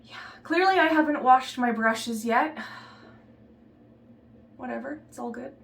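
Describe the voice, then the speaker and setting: A woman chatting casually through a makeup tutorial in a relaxed, offhand way, slipping into a put-on Southern belle accent. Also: a little high, roomy sound, recorded from a distance, a little hiss or hum. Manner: relaxed, chatty, trailing off and restarting while applying makeup. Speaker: beauty vlogger.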